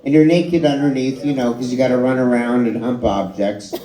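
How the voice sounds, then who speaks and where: A man doing a stand-up comedy set, telling a story in an animated way and swearing freely. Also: mid-range voice, a little fast, noisy background. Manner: animated storytelling, swearing, crowd laughing along. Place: live comedy show at a bar and grill. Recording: echoey bar room with a loud crowd. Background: audience laughing.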